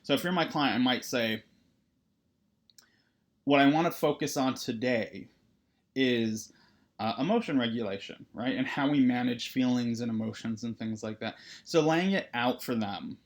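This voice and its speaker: A man's voice: medium pitch, moderate pace. Conversational man giving a therapy lecture. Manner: conversational, frequent "right?" and "uh". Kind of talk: recorded lecture.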